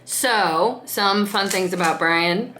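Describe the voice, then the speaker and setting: A woman vlogger chats casually, telling stories with lots of laughs and fillers. Her medium-pitched voice is bright and forceful, and she takes her time. The room is echoey, with faint noise.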